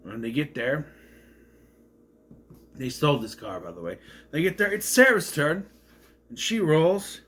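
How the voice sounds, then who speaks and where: Animated, bright-voiced man recapping a movie. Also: fairly high pitch, unhurried, long pauses. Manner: rambling, self-correcting retelling.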